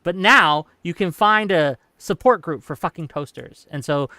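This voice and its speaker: A man speaks on a video call in a casual online debate, blunt and rambling with fillers and swearing. His voice sounds smooth and clear, a touch higher than most men's. The sound is dry and close. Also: animated, normal speed, sharp tone, no room sound. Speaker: debate guest.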